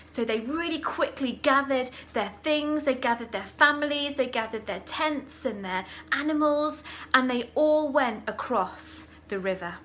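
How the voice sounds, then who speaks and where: A woman leads a children's church session, telling a Bible story with lively, dramatic emphasis. Her voice sits a little high, with a faint hiss in the background. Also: a little slow.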